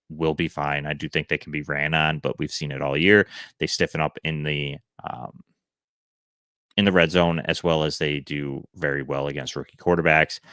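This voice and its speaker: A man with a very deep, low voice talks casually through viewer questions, giving quick start-or-sit verdicts between easy fillers. The sound is dry and close, like a small room at home. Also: a bit bright, no room sound. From Buffalo area. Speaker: fantasy football show host. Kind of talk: casual live advice show, answering viewer questions. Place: home room he calls Santa's workshop.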